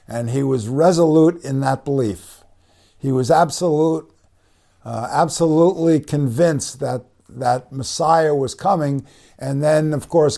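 A man's voice: a little high, vocal fry, dark tone. A man preaching a conversational bible-teaching sermon, explaining Greek words and often saying "you know" between phrases. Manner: conversational, many fillers and restarts; spells out Greek words slowly.

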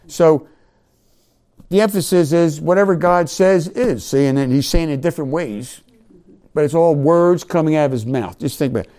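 Mellow-voiced man teaching scripture. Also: medium pitch, moderate pace, clean tone. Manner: conversational, checks in with "right?", reads verses with emphasis. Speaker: Bible teacher. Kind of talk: informal Bible study teaching.

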